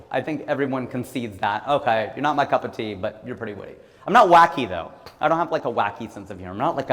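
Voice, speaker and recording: A man in his forties from Ohio, giving a live motivational talk in a playful, self-mocking storytelling way. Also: mid-range voice. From Ohio, USA. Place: talk room or hall with an audience. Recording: long hall reverb.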